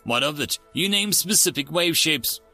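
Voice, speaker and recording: A man's voice: fairly high pitch, expressive, normal speed, sharp tone, soft background music, pitched above the performer's own voice, full character voice. A man doing a grinning, easygoing human guy. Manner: casual, joking.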